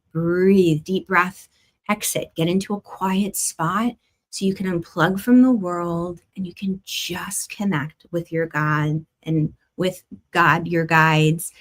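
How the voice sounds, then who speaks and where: A woman hosting a live astrology and spiritual guidance stream, chatty, laughing often and greeting viewers by name. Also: fairly low pitch. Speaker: astrology host. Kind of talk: livestream spiritual guidance talk.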